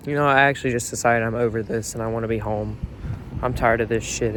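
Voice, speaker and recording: Brief: young male vlogger, mid-pitch, self-mocking chatter with sudden loud outbursts, phone mic outdoors, faint noise. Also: flat delivery, fast talker. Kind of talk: casual vlog. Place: outdoors by a car at night.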